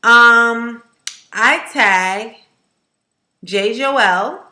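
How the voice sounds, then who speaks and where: A woman hair vlogger chatting to camera in an emphatic, animated way, ranting and repeating herself for effect. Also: a little high, extremely slow. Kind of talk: casual to-camera chat. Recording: echoey room.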